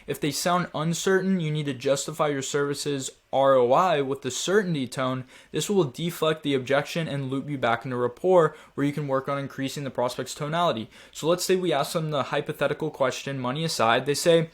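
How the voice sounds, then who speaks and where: A man's voice: fairly high pitch, fairly quick, few pauses. A man teaching a sales training lesson in a direct, coaching manner, urging his listeners on.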